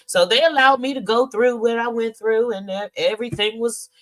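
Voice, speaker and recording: Her voice is a little high and fairly bright, with fairly even intonation and a fairly quick pace. This middle-aged podcast host chats casually on a livestream, reading viewer comments, swearing freely, candid, emotional and teary.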